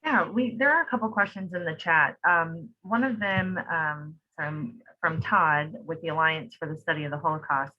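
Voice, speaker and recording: A woman's voice: low-pitched, normal speed, few pauses, dull audio. A woman moderating, reading audience questions from the chat.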